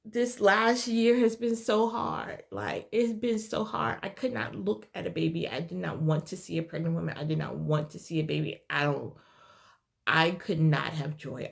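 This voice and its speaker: A young woman telling a heartfelt personal story in a halting, tearful way, her voice at times dropping to a whisper. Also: fairly low pitch, vocal fry. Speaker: vlogger sharing a personal story. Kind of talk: emotional personal testimony.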